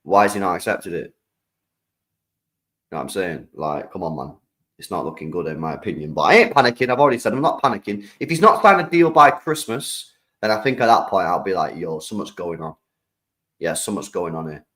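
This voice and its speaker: A young man with a British accent and a lowish voice reacts to football news on a live stream. He talks to his chat in a loose, slangy, animated way. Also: brisk, poor audio. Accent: British English. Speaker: streamer host.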